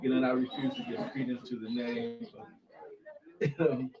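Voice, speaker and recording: Muffled by a distant microphone, a man with a medium-pitched, flat voice speaks at normal speed as a crowd murmurs behind him. The former county commissioner co-hosts a local political talk show, blunt, emphatic and casual in tone.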